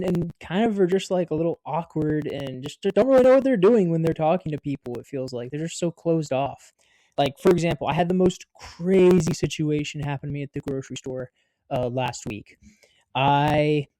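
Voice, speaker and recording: Recorded dry, a twenty-something American man with a slightly high, warm voice rambles through a story for his vlog. He talks casually to the camera, leaning heavily on "like" and cursing without hesitation.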